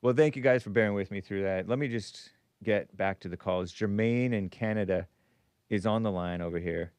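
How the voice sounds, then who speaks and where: Rambling call-in host, smooth dry voice. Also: male voice, fairly low pitch, normal speed, darkish tone, dry recording. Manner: rambling, self-interrupting, chuckling. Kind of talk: casual radio call-in talk.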